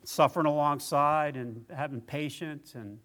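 A man preaching a personal testimony sermon, tearful and halting, restarting his phrases often. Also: fairly high pitch, fairly even intonation, a bit bright.

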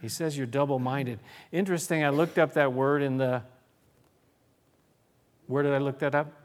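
A man's voice: medium pitch, fairly even intonation, normal speed. A man preaching a sermon as pastor, earnest, reading scripture aloud and often restarting his phrases.

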